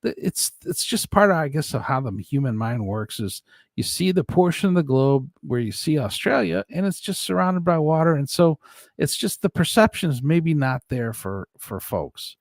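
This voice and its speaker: A man's voice: a little high, animated, moderate pace, gravelly, no room sound, studio quality. A man hosting a casual live stream, rambling and chuckling as he talks to his chat by name.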